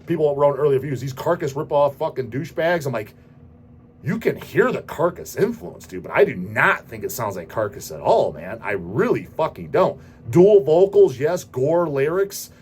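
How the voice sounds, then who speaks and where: A man's voice: mid-range voice, husky. A man hosting a show, answering viewer questions in a profane, ranting casual style. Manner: profane, ranting, repeats goddamn. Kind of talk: casual rant.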